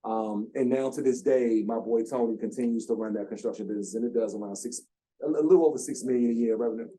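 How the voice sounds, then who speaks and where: A man in his thirties, speaking as a founder at a workshop, telling his story in an animated way and acting out quotes with slang. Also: mid-range voice, fast. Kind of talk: storytelling talk. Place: lecture room.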